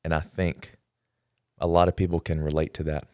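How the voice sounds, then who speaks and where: A man hosts a casual podcast interview in a very low voice, thinking aloud and pausing on fillers as he goes. The recording is dry and close. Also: flat delivery, darkish tone, smooth, dry recording. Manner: reflective, hesitant, with fillers and restarts. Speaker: podcast host.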